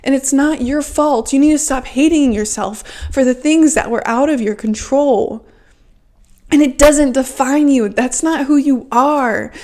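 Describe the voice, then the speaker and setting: A young woman in her twenties with a high voice talks straight into the mic as a podcast host. Her self-help monologue is fervent and emotional, full of "like" and blunt swearing. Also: measured pace, dark tone. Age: 20s. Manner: fervent, repeats "like" often, swears freely.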